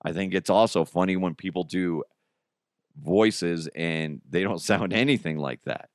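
A man's voice: sits low, measured pace, no echo, clean studio sound. A man hosting a podcast in casual, rambling chat, mocking himself and laughing often. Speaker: podcast host.

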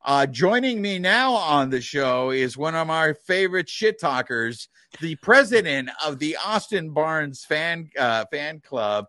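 A man's voice: on the high side, animated, unhurried, sharp tone, dry recording, clean studio sound. A man hosting a sports podcast, chatting casually and sprinkling in Spanish words. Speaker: podcast host.

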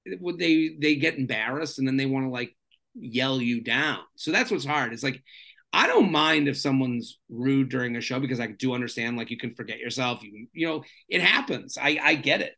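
A man's voice: medium pitch, normal speed, vocal fry. A man, a stand-up comedian guest, telling stories in a casual, rambling chat full of fillers. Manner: rambling, filler-heavy, animated storyteller.

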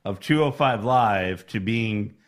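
A man co-hosting a podcast in casual chat, throwing in quick wisecracks. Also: on the low side. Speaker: podcast co-host.

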